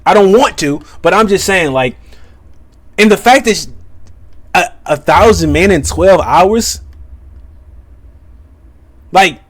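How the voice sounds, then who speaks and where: A man's voice: high voice, animated, slow, long pauses. Rambling man reacting casually. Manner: rambling, profane, many fillers. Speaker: reaction video host.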